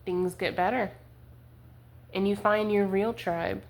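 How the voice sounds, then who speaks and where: A woman's voice: mid-range voice, steady tone, slow pace, vocal fry. Giggly young woman reading tarot. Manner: chatty and giggly, full of "like" fillers. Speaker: tarot reader. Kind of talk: casual tarot reading to camera. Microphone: handheld camera mic.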